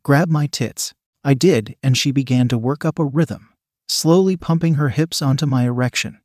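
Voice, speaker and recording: Quiet male storyteller, dry close sound. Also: medium pitch, normal speed, no room sound. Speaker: narrator. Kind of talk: first-person story narration.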